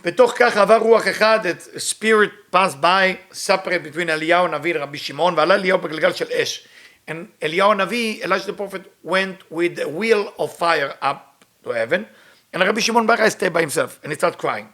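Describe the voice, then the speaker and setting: Man, high voice, quick, reads then explains in English. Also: bright, forceful tone. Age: middle-aged. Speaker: Kabbalah teacher. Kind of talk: storytelling lesson with translation.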